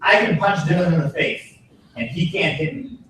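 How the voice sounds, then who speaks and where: A man's voice: high-pitched, moderate pace, fairly bright tone, slight background noise. A man teaching a martial arts self-defense class to kids, giving firm, repetitive instructions. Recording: echoey gym from far off.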